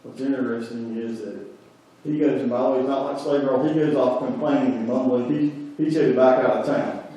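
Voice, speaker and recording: A pastor preaches in a chatty, animated storytelling style. His voice is mellow and dark. It echoes heavily through a large sanctuary and sounds far from the mic. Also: mid-range voice, brisk, dull audio. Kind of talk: sermon. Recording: very echoey church, voice from afar.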